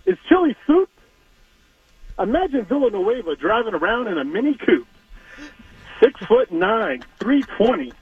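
A man on a tinny phone line rattles off comic rhyming trash talk in a playful, mocking voice. His pitch is high and swings widely, and he takes his time with every line. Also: very animated, unhurried, pauses often, slightly rough, dry recording. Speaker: caller doing a weekly rap segment.

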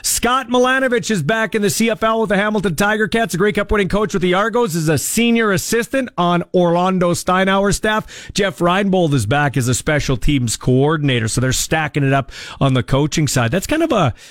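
A man hosting a sports radio show, talking quickly and casually with plenty of fillers. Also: high voice, fairly bright tone, dry recording, studio quality. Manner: quick, chatty, loose with fillers.

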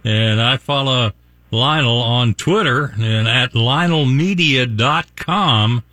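A man's voice: mid-range voice, slow, bright, forceful tone, no room sound, clean studio sound. A man hosting a morning radio show, wrapping up a segment with brief, upbeat remarks. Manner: brief, upbeat on-air wrap-ups.

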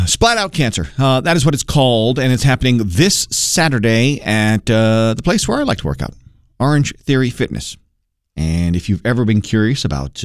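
A man's voice: on the low side, no echo, clean studio sound. A man hosting a radio show, chatting in an upbeat, jokey way between segments. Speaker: radio host. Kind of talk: casual radio show chat.

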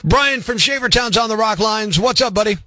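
A man's voice: high voice, fairly quick, bright, forceful tone, no room sound, soft background music. A man hosting a morning radio show, talking in a brash, mocking, sarcastic way. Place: radio studio.

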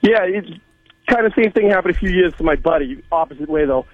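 Guy calling in with a quick story, fast talker, phone line sound, a bit of hiss. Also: sits high, lively intonation. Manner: storytelling, chatty. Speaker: caller. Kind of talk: telling an anecdote on call-in radio.

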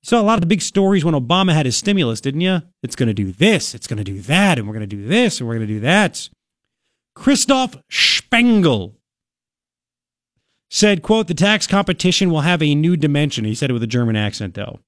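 A man's voice: medium pitch, very animated, fast, hardly any pauses, no echo. A man hosting a talk radio show, rambling and opinionated with a sarcastic edge, speaking into a studio microphone. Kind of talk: casual talk radio commentary.

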